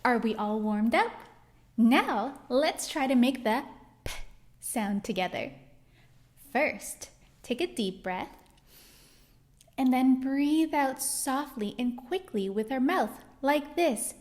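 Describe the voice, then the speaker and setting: Female children's reading teacher, higher voice, slow and carefully sounded-out delivery. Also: animated, a little mellow. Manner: slow, cheerful, exaggerated praise for kids. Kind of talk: children's phonics lesson.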